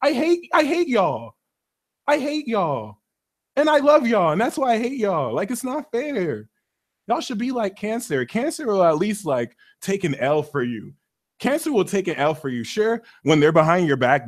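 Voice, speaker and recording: High-pitched, lively man ranting. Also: measured pace. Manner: theatrical, swings between loud outbursts and mumbles; profane, slangy. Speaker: astrology reader hosting a live stream. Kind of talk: animated rant on a live stream.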